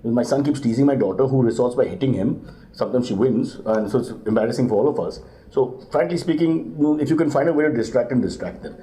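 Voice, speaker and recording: A middle-aged man, a comedian guest answering questions with quick deadpan wisecracks and mock exasperation. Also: medium pitch. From India. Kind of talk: joking live interview banter.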